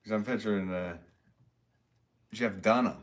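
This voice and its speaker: A man's voice: on the low side, fairly even intonation, a little slow. A man from Connecticut, a potter, chatting casually and reading out comments on a live stream. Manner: rambling, easygoing, many fillers. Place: pottery studio. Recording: noisy background.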